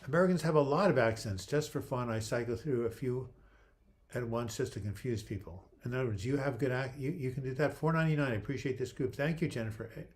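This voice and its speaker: A man's voice: mid-range voice, quick pace, darkish tone. An older man hosting a casual livestream, reading viewer comments aloud and answering them in a chatty, joking way with frequent restarts. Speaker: livestream host.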